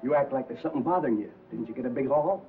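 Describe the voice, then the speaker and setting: An actor playing a tough-talking crook in a 1940s film, using streetwise slang. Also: male voice, mid-range voice, racing, close to an everyday voice. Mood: uneasy. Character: tough-talking male crook, middle-aged. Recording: tinny old film soundtrack with hiss.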